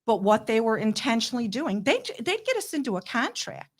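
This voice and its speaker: A middle-aged woman, a guest, telling her story in an impassioned, blunt way with quick asides. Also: on the high side, sing-song. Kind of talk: emotional interview storytelling.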